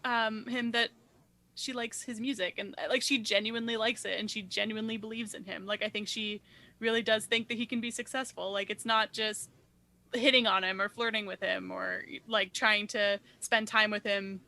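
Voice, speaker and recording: A young adult woman co-hosting a podcast, chatting casually, quick to laugh and agree. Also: medium pitch, steady tone, vocal fry, sharp tone. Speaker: podcast co-host. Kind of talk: casual chat.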